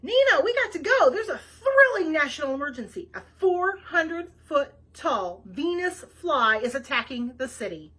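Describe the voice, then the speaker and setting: A woman's voice: sits high, wildly swooping pitch, normal speed, few pauses, sharp tone, exaggerated voice. A woman voicing a self-important male Venus flytrap detective, earnest and urgent in his speech.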